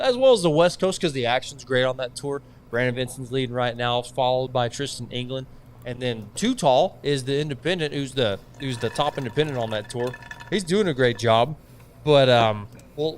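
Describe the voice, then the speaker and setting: Guy hosting a live stream, chatty, mid pitch, bit of hiss behind. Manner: chatty, uses "y'all". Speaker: host. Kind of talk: casual live show chat.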